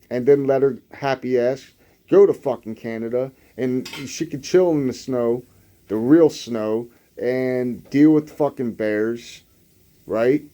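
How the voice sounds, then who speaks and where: Slow, mellow-voiced profane man. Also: mid-range voice. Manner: profane, sarcastic, rambling. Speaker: host reading news with commentary. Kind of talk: casual news commentary.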